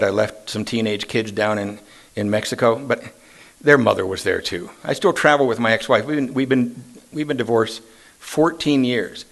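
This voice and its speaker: A man in his sixties sharing his personal recovery story at a meeting, with self-deprecating humor and casual questions to the audience. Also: medium pitch. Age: 60s. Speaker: AA meeting speaker. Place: meeting hall.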